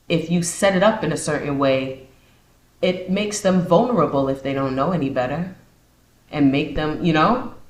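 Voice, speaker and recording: Deep slow lady podcaster, sarcastic little asides, kinda echoey room. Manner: chatty, sarcastic asides, reads points then riffs. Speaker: podcast host. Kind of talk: casual commentary podcast. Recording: roomy echo.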